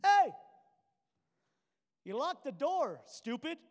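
A preacher doing a slangy, blunt Jesus. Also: male voice, very high-pitched, moderate pace. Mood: brash. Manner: slangy, then gentle and soothing. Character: Jesus as a casual, blunt man. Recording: echoey hall with faint music.

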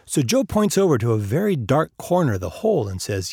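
A man's voice: medium pitch, very animated, a little fast, a little mellow, husky, no echo, clean studio sound. A man narrating an audiobook chapter, telling a story and lifting his voice for the characters' lines. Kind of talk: audiobook narration with acted dialogue.

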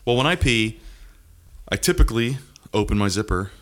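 A man's voice: on the low side, animated. A man co-hosting a podcast, telling crude stories in casual banter and laughing at his own jokes. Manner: rapid, crude, laughing storyteller. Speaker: podcast co-host.

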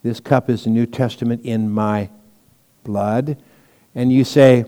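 A man's voice: medium pitch, fairly even intonation, measured pace, pauses often, warm tone, big-room sound. A man preaching a sermon as pastor, teaching in a conversational way with stories and asides.

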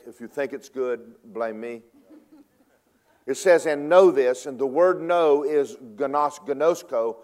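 Folksy preacher man, dramatic sermon. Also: fairly high pitch. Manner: folksy, emphatic, varies loudness and pace for effect.

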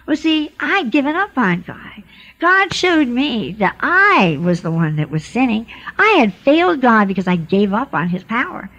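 A woman's voice: medium pitch, sing-song, moderate pace, a bit bright, lo-fi sound. A woman giving her personal testimony to a church congregation, earnest and emotional, sometimes preaching.

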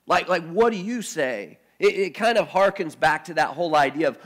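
Man, pastor, sermon, slightly high pitch, halting repetitive delivery. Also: expressive, fairly bright tone. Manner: halting, repeats words while thinking aloud. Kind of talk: sermon, scripture reading then exposition.

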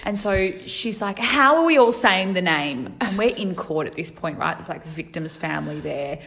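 A woman co-hosting a podcast, reacting quickly and telling jokey, animated anecdotes. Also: fairly low pitch. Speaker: podcast co-host. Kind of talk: casual chat.

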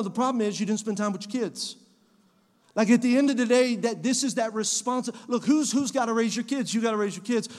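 Man, pastor, sermon, very high voice, emphatic repetition, long church-hall reverb. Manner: preachy, repeats phrases, rising to shouts. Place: church sanctuary.

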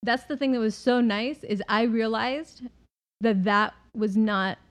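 A woman's voice: a little high, measured pace. Chatty woman talking frankly. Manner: direct, thoughtful, many fillers. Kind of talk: casual conversation.

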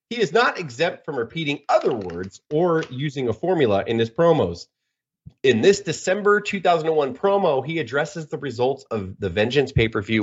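A man's voice: a little high, breathy edge. Guy hosting a game w/ buddies, swears a lot, voice goes up and down, kinda dull sound. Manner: rambling, swearing, laughing. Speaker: podcast host running a game. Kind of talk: casual chat with friends.

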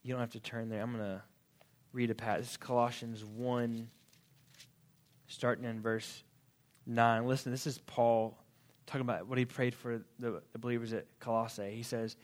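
A man preaching a sermon in a casual, animated way, with quick asides and acted-out quotes. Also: medium pitch. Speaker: pastor.

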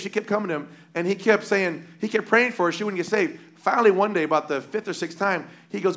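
A man preaching a sermon with passion, repeating phrases and swinging between loud and hushed delivery. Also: high-pitched, fast.

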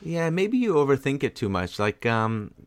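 A man's voice: mid-range voice, big pitch swings, moderate pace. A young man co-hosting a podcast, talking casually and laid-back, dropping "like" and "man" often. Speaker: podcast co-host. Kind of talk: casual chat.

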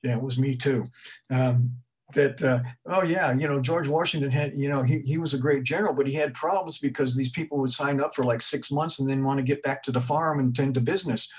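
Middle-aged man, mid-range pitch, rambling conversational history talk to a live audience. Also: steady tone, a little fast, husky. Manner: rambling, conversational, many restarts and asides. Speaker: museum speaker giving a talk. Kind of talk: informal history lecture to an audience.

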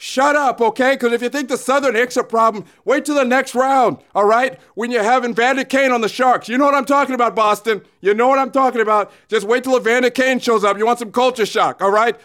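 A man's voice: extremely high pitch, a little fast, hardly any pauses, fairly bright tone. A man playing a blustering, opinionated older male hockey pundit who rants and repeats himself in a comedic commentary bit. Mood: defiant. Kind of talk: comedic sports commentary impression.

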